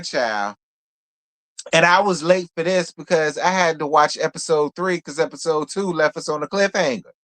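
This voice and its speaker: A man's voice: high voice, a bit bright. Sassy man recapping reality TV. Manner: sassy, blunt, talks straight to viewers. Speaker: reality show reviewer. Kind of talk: live stream recap chat.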